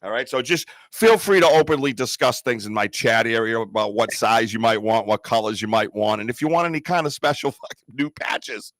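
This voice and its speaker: A man's voice: mid-range voice, a little fast, hardly any pauses, a bit bright. A man hosting a live podcast, chatting casually in a rambling, joking way and laughing often. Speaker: podcast host.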